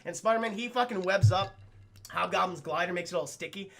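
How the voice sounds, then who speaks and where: A man giving casual, energetic livestream commentary on a cartoon, swearing a lot and talking to his chat. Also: sits high, brisk, creaky. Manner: profane, energetic, addresses chat. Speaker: streamer reviewing cartoons.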